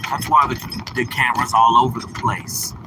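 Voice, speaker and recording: A man's voice: mid-range voice, fairly even intonation, normal speed, noisy background. A man livestreaming from a car, teasing and scolding viewers in his chat in casual talk. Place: in a car on a snowy road.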